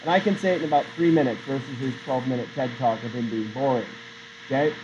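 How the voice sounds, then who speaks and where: A man's voice: mid-range voice, quick pace, darkish tone, slight background noise. A male teacher giving a classroom lecture, chatty and digressive, often quizzing the class. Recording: dull lo-fi sound.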